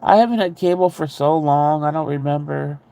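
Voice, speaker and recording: A man chatting casually with viewers, rambling and candid, with a ready laugh and a gravelly voice. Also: fairly high pitch, normal speed, dark tone. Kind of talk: casual chat.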